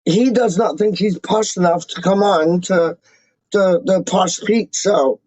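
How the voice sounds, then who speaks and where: A man hosting a livestream as a self-styled, snobbish Englishman, rambling slowly in pompous rhyming nonsense. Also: sits high, darkish tone, dry recording. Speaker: livestream host. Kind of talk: comic in-character livestream ramble. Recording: dull, lo-fi, dry sound.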